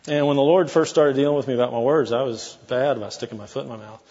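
A man's voice: medium pitch, fairly even intonation, quick pace, dark tone, big-room sound, dull audio. A man preaching a sermon as pastor, in a folksy, conversational way with asides to the congregation.

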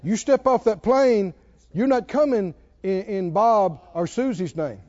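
A man preaching a sermon in a playful, chuckling way that builds to shouted calls to the congregation. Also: high voice, measured pace, dull audio.

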